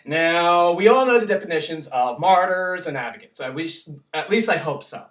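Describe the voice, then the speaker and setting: A hyper, excitable man vlogging and ranting, swearing freely and giggling as he talks. His voice is bright and swings widely in pitch. He sounds distant from the mic in an echoey room. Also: normal speed. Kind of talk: casual hyper vlog rant.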